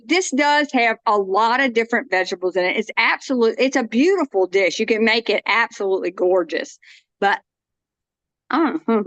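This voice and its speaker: A woman's voice: on the high side, fairly bright tone, dry recording, highs cut off. A woman, chatting casually and folksily while demonstrating a dish. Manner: chatty, folksy, self-interrupting. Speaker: cooking demo guest.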